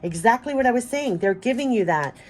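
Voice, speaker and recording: A woman's voice: a little high, lively intonation, a little fast, a little mellow. A woman doing an emotional spiritual card reading, talking in a gushing, emphatic way and repeating phrases, her voice giving out. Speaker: tarot card reader.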